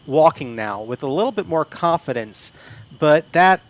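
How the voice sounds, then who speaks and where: A man, narrating as game master in an unhurried, descriptive way. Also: on the high side, expressive.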